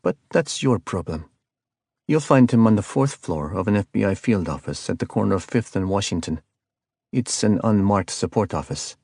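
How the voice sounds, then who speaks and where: A man voicing a calm, icy male kidnapper who mocks his victim, in an audiobook. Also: lowish voice, normal speed, husky, no room sound. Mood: icy menacing. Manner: cold, mocking, calm. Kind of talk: audiobook character voice.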